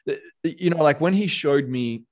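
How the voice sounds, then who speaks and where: A man's voice: a little high, expressive, moderate pace. A man talking in a casual podcast chat, impassioned and rambling, peppering his speech with "bro" and "man". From Australia. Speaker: podcast guest.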